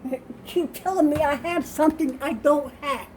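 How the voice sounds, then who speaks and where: An older woman vlogs a walkthrough of her small home kitchen, her high voice at normal speed against background noise. Out of breath and pushy, she keeps tossing in "okay?"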